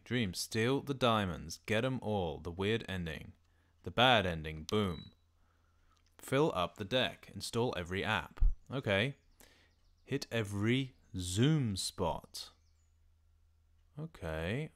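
Game music plays behind a middle-aged let's play host who talks to himself with swearing and jokes during casual gameplay commentary. His voice is on the low side with a fairly bright tone, expressive and unhurried.

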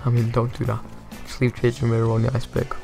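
A man's voice: medium pitch, monotone, fast talker, vocal fry, over music. A young man giving jokey, rambling commentary on a video game reveal as a gaming YouTuber.

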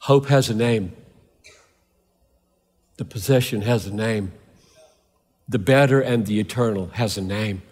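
A man's voice: on the low side, a little slow, pauses often, darkish tone, slightly rough. An older man preaching a sermon in a large church, emphatic and repeating phrases for stress. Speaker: pastor. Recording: reverberant church hall.

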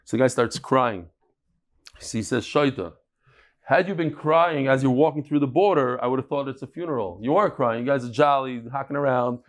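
A man teaching a daily Talmud class, telling stories with animated energy and mixing Hebrew and Yiddish terms into his English. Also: mid-range voice, normal speed.

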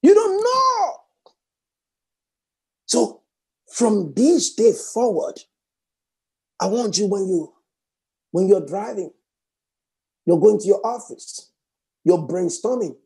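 A man preaching a sermon fervently, repeating phrases and swinging from raised exclamations to hushed prayer. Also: sits high, slow, creaky, long pauses, husky.

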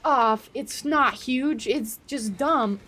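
Excitable woman streamer, slow-talking. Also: sits high. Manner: excitable, panicky, laughs and swears often. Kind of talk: live gameplay commentary.

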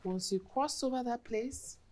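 A woman's voice: a little high, a little slow, warm tone, a little hiss or hum, natural voice. An actress playing a weary, strict middle-aged mother with a Nigerian accent who speaks firmly and sighs often. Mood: stern. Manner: firm and tired, with sighs.

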